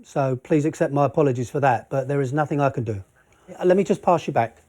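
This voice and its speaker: A man's voice: mid-range voice, fast, warm tone. A middle-aged man working as an enforcement officer, explaining an eviction politely but firmly and apologizing often. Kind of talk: on-the-job talk, explaining to tenants.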